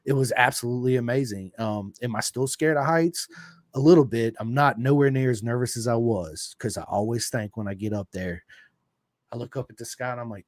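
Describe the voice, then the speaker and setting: A man in casual podcast chat, telling a story with animated acted-out quotes and swearing. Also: brisk, no echo. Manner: animated, swearing, acts out quotes with big pitch jumps. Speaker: podcast guest.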